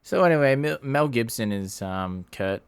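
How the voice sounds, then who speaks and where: A man's voice: mid-range voice, lively intonation, moderate pace, clear, resonant tone, dry recording. A man co-hosting a podcast, recapping a film in loose casual talk full of fillers. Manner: rambling, lots of fillers and laughs. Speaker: podcast co-host. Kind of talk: casual movie review chat.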